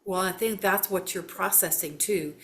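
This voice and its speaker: A woman, a psychic doing casual readings on a live call, animated, folksy and quick to laugh. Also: on the low side, slight background noise. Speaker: psychic guest.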